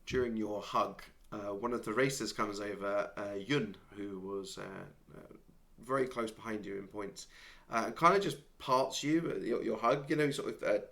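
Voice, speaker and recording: A man's voice: lowish voice, moderate pace, a bit bright. A man narrating as game master of a tabletop game, rambling with many fillers.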